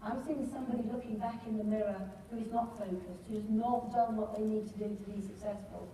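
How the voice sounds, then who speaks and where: A woman's voice: mid-range voice, fairly even intonation, fairly quick, warm tone, a little hiss or hum. A middle-aged woman, giving a motivational talk to a live audience. She tells her story vividly and asks the crowd questions. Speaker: speaker at a business training event. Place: large hall with a live audience. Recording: echoey hall, voice from far off.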